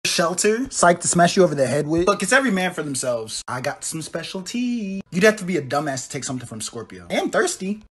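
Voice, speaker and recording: A performer in a comedy skit, trading brash, profane banter between many characters, with sudden leaps in pitch and loudness. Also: sing-song, fast talker, few pauses, breathy edge.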